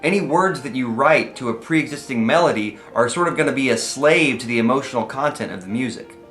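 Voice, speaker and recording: A man's voice: medium pitch, expressive, a little fast, fairly bright tone. A man teaching how to write comedy lyrics in a friendly, explanatory video lesson, with the odd "uh" and "um". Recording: echoey room, faint music.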